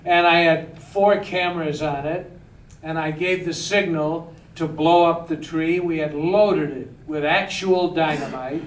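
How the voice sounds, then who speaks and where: A man telling anecdotes as a director guest at a theater Q&A, animated and laughing often. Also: fairly high pitch, a little slow. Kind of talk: storytelling at a Q&A. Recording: echoey hall from far off, faint noise.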